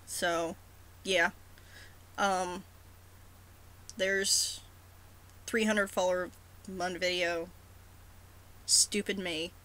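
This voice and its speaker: Slow, bright-voiced woman rambling casually. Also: lowish voice, little pitch movement, rough recording. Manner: self-deprecating, rambling with many ums. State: sore throat. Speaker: roleplay blogger. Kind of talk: casual vlog talk.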